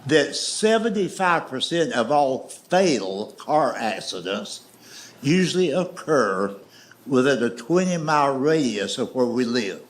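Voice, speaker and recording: A middle-aged man telling stand-up stories in a slow, folksy way. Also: medium pitch, big pitch swings. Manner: slow, drawling storyteller with folksy grammar. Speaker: stand-up comedian. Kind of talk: stand-up storytelling. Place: comedy stage with audience laughter.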